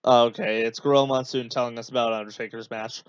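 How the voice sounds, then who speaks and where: A man hosts a casual podcast watch-along, rambling through his thoughts with plenty of fillers and a sarcastic, exasperated edge. His voice sits at an ordinary middle pitch. The recording is dull and dry, with no room sound. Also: steady tone, quick pace, clear, resonant tone, no echo. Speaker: podcast host.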